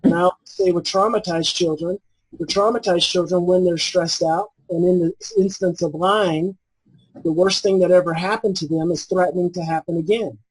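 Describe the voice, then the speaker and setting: A man in his forties, a parenting expert guest, explaining in a calm, earnest way and repeating his key phrases. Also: high-pitched, normal speed, breathy edge, rough recording. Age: 40s. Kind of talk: conversational explaining.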